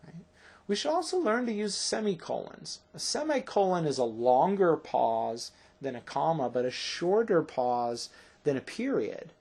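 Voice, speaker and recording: A middle-aged man gives a classroom grammar lesson. His voice is gravelly and a little husky. He explains step by step and keeps checking in with his listeners. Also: a little high, sing-song, unhurried, darkish tone. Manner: explanatory, often checking with "right?". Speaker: teacher.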